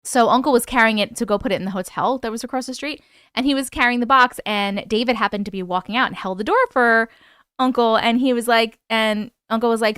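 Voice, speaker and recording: Young female streamer, higher pitch, casual excited chat with some swearing. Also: fast, clear, resonant tone, no echo, clean studio sound. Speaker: host.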